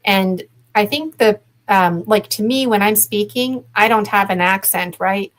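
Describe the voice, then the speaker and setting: Woman from Canada, mid-pitched, a guest speaking over a video call, loose and meandering with lots of ums. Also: measured pace, poor audio. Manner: rambling, reflective, many fillers. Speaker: guest promoting a conference. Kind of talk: casual video-call interview.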